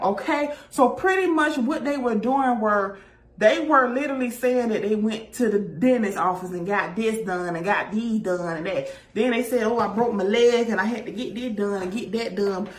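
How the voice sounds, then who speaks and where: A woman with a slightly high voice hosts a casual gossip chat and talks straight to her viewers. She is sassy and animated, laughing often. The sound has a roomy echo. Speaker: gossip show host. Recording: echoey room.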